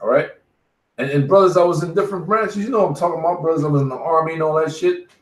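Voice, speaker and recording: His slightly high voice races along as this roughly forty-year-old man leads a street Bible study in an echoey room. He preaches offhandedly, shares war stories, swears emphatically, and keeps saying "man" after almost every phrase.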